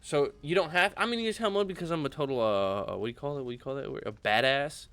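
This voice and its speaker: A young man chatting casually in a rambling, animated way while playing a video game for his channel. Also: on the high side, fast talker. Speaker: gaming channel host. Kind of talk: casual let's-play commentary.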